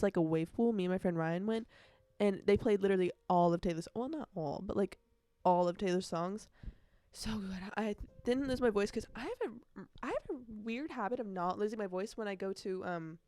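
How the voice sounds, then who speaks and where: A woman's voice: mid-range voice, clean tone, dry recording. A young woman hosting her own casual podcast, rambling chattily and breaking into snatches of song. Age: young adult. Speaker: podcast host. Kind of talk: casual solo podcast chat. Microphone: earbuds.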